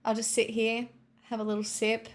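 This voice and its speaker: Woman streamer joking around with chat, kinda high voice, sarcastic, talking into a desk mic at home. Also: monotone, normal speed. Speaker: livestream host. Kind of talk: casual live-stream chat.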